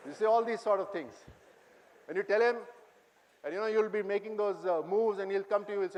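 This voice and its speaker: Speaking quickly in a high-pitched, slightly mellow voice, a middle-aged man with an Indian English accent addresses cadets in an auditorium. The guest speaker tells amusing stories from his past and poses questions to his audience.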